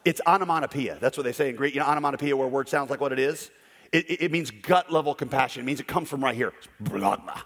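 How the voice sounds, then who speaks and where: A male pastor preaching a sermon emphatically, swinging between loud declarations and hushed storytelling. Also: medium pitch, rapid-fire, big-room sound.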